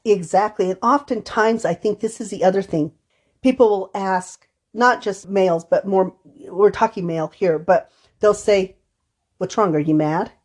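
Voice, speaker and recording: A woman's voice: medium pitch, moderate pace, darkish tone. Chatty woman counselor telling stories. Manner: conversational, tells anecdotes with acted-out quotes. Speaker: podcast co-host, counselor. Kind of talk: casual chat.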